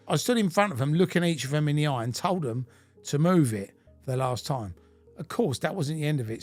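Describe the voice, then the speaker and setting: A middle-aged British man reading his own memoir aloud, blunt and full of swearing. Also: fairly high pitch. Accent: British English. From United Kingdom. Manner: blunt, heavily profane storytelling. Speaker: narrator of his own life story.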